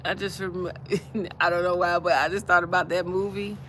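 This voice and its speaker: A woman's voice: on the low side, level tone, normal speed, fairly bright tone, a little hiss or hum. A woman from Alabama with a Southern accent, hosting a casual livestream chat, easygoing and laughing often as she repeats her phrases. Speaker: livestream host.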